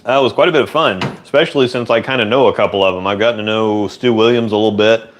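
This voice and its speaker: A man hosting a relaxed, rambling chat in a workshop, answering viewer questions. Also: lowish voice, fast, a little hiss or hum. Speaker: host. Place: indoor workshop.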